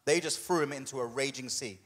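Joking pastor in a reverberant church. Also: male voice, mid-range voice, a little fast, a bit bright. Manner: conversational and humorous, with quoted asides. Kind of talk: sermon. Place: church hall.

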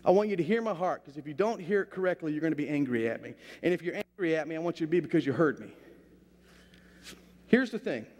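A man's voice: a little high, expressive, fast, darkish tone. A middle-aged male pastor telling a story in a sermon, with a folksy, anecdotal way of talking and bursts of stronger preaching emphasis. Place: church sanctuary. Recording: long hall reverb of a church sanctuary.

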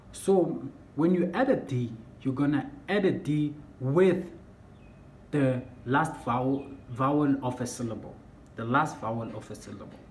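A young man explains word sounds in a casual lesson, often pausing and repeating himself. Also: mid-range voice. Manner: halting, repeats himself, searches for words. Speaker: language teacher. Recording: echoey room with faint background hum.

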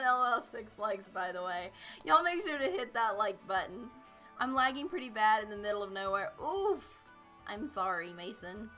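Bubbly woman streamer with a bright voice. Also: mid-range voice, animated, moderate pace, soft background music. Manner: bubbly, greets chat, laughs often. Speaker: livestream host playing a video game. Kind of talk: casual live gameplay chat.

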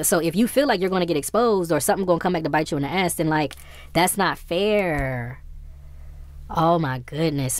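A woman giving a casual tarot reading to her viewers, blunt and profane, growing animated and exasperated. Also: low-pitched. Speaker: tarot reader.

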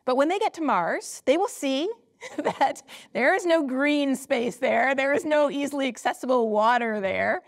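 A woman's voice: sits high, animated, unhurried, gravelly. A woman climate scientist giving a public lecture, telling stories with emphatic rhetorical questions and frequent laughter. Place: lecture hall at a company headquarters.

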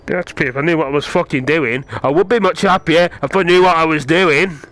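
A man, playing a VR game and muttering frustrated, swear-filled commentary that breaks into yelling. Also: a little high, a little fast. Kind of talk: let's play commentary.

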